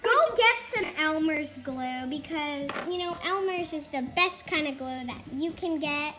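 Young girl, high voice, bossy, chatty, slime tutorial, noisy home recording. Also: expressive, measured pace. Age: child. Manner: bossy, chatty, directs her brother. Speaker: vlog host. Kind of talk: casual slime tutorial vlog.

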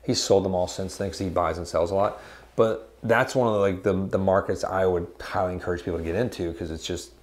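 A man's voice: sits low, fairly even intonation, fast talker. A man in his forties co-hosting a guitar shop chat, rambling and joking as he tells stories. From United States. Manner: rambling, jokey storyteller. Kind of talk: casual chat.

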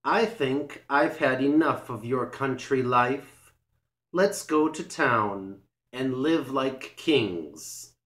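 A boastful, show-off young town mouse from a storybook, as a male reader puts him on, scornful of country ways and speaking in slow, measured words. The voice sits in a roomy, echoing space. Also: mid-range voice, animated, a bit bright. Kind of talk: storybook reading. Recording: roomy echo.

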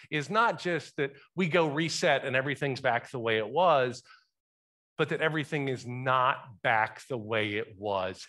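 Bright-voiced male pastor preaching. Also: mid-range voice. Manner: conversational, asks the congregation questions. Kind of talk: sermon. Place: church sanctuary.

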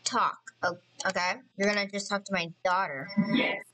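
A woman hosting a casual let's-play commentary, chatty and excitable, often apologizing and thinking aloud as she plays. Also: medium pitch, moderate pace, slight background noise, low-quality recording. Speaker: gaming channel host.

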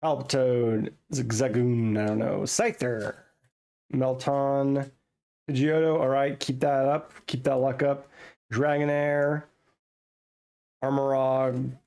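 A man casually chatting and thinking aloud as he opens trading card packs at a home desk setup, getting excitable over his pulls. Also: mid-range voice, takes it slowly, vocal fry. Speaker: card-opening vlogger. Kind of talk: casual unboxing chat.

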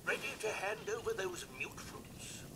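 A man's voice: high voice, normal speed, gravelly, fairly bright tone, slight background noise. An actor with a British accent voicing a prim, proper male robot supervisor in a video game, clipped and genteel. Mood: polite. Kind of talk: video game character dialogue.

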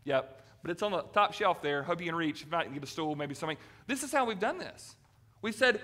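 Bright-voiced man preaching. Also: on the high side, fairly quick. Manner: animated, acts out quoted voices. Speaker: pastor. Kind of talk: sermon. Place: church sanctuary.

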